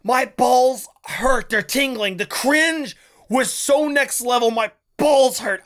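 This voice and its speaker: Young man, reaction host, casual rambling, crude jokes, stammering, high voice, bright tone. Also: measured pace.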